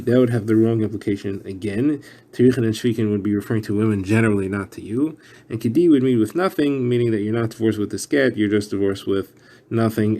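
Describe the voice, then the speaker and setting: A man's voice: lowish voice, mellow. A man explaining a daily Talmud page, working steadily through Hebrew and Aramaic terms. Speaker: Talmud teacher.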